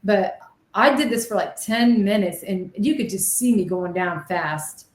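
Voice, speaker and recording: A woman's voice: mid-range voice, unhurried. A woman who works as a medium and ghost hunter, telling her stories animatedly as a guest in an interview, acting out the voices she remembers. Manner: animated, excitable storytelling with dramatic re-enactments. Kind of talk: storytelling in an interview. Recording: echoey room.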